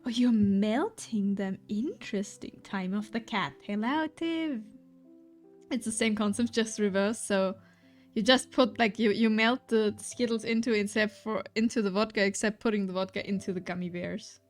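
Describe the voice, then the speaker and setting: This streamer is a German-accented woman talking at normal speed in a mid-range voice. She chats casually and reads messages from chat, giggling and restarting often, with faint lofi music playing behind her.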